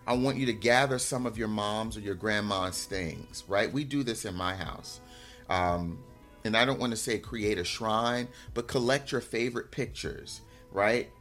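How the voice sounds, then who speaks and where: A man hosting a show as a life coach, giving a gentle, reflective talk on grief and often checking in with "right?". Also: medium pitch. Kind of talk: heartfelt motivational talk.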